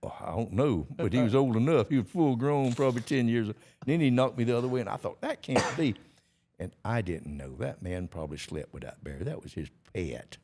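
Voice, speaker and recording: A man's voice: medium pitch, brisk, hardly any pauses, warm tone. Old man spinning a yarn. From Georgia, USA. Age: 80s. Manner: folksy, laughing often, plain rural grammar. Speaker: podcast guest. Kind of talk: storytelling in a casual interview.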